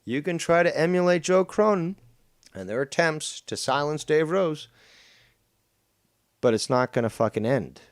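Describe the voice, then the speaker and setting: A man's voice: fairly high pitch, lively intonation, measured pace, pauses often, dry recording, clean studio sound. A man streaming commentary over a clip, combative, profane and mocking.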